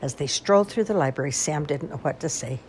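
A woman's voice: deep voice, quick pace, slight background noise. Older woman reading a picture book aloud. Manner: expressive, animated reading. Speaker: storyteller.

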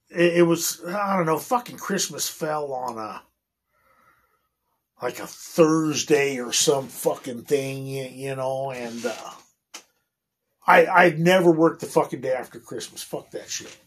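A man's voice: a little high, takes it slowly, long pauses, breathy edge. A man in his forties, a union electrician, telling a rambling work story in casual chat, swearing constantly.

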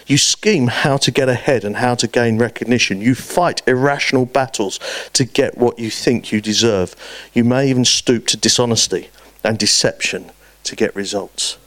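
A man preaching a sermon, telling stories with lively swings between loud and hushed delivery. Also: mid-range voice, normal speed, no echo.

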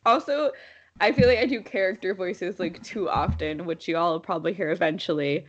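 A young woman co-hosting a podcast in casual chat, animated and laughing often. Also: fairly low pitch, a little fast, dull audio. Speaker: podcast co-host.

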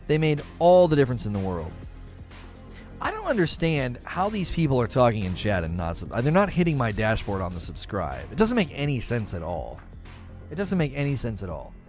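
A middle-aged man streaming, chatting casually and joking, repeating his phrases, with faint music behind. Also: fairly high pitch. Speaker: gaming streamer. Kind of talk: casual livestream chat.

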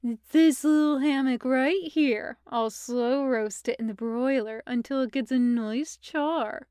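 A woman voicing a deadpan young woman doing cutesy baby talk. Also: high-pitched, slow pace, no room sound, studio quality. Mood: cooing. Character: dry, deadpan young woman cooing at a puppy.

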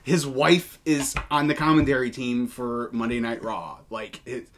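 A man with a medium-pitched voice, talking a little slowly, co-hosts a casual podcast about wrestling news. He hesitates often, using many fillers and false starts.

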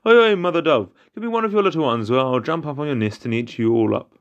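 A man voicing a sly, hungry jackal that shouts threats in a storybook tale. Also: medium pitch, fast, muffled recording, close to an everyday voice. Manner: calls out loudly and menacingly.

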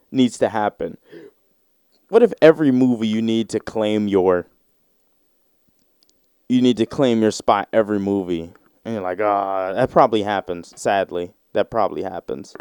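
A man's voice: fairly low pitch, animated, a little mellow, smooth, no room sound, clean studio sound. Man riffing through a comedy podcast monologue. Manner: acts out voices in quick skits, swears freely. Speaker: podcast host.

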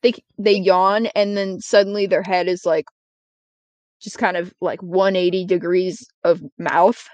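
A woman's voice: fairly low pitch, level tone, measured pace, darkish tone, dry recording, lo-fi sound. A young woman playing a tabletop game with friends, rambling and giggling, swearing casually. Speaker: player. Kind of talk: tabletop role-play, in character and out.

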